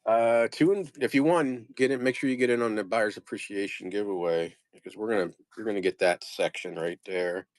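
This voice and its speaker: A man with a lowish voice sells postcards on a live stream, talking fairly quickly with hardly any pauses in a dry, studio-quality recording. He rambles casually through the sale, reading off each card's name and joking at his own expense.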